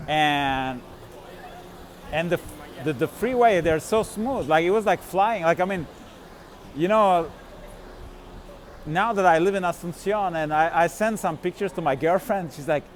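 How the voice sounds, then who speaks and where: A man's voice: a little high, unhurried, long pauses. A man vlogging as he walks outdoors in a city, talking casually and rambling with many fillers, restarts and frequent laughs. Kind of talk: casual walking vlog. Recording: faint street noise.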